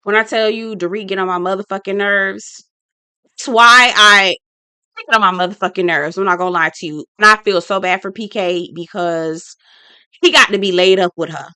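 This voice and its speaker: A woman's voice: medium pitch, moderate pace, bright, forceful tone, clean tone, no room sound, studio quality. A woman hosting a casual reality-show review vlog, blunt and sassy, talking straight to her viewers and repeating her points for emphasis. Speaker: reality TV recap host.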